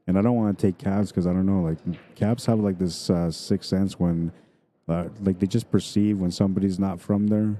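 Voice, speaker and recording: A man's voice: low voice, steady tone, normal speed, dark tone. A middle-aged man from Manitoba with a Canadian accent, rambling casually as a pool stream commentator and reading viewer comments aloud.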